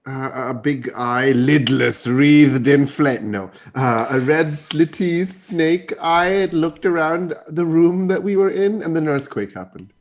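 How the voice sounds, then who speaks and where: Excitable stammering tabletop player. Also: mid-range voice, a little slow, few pauses. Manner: excitable, stammering, laughs loudly. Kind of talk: playing a tabletop game.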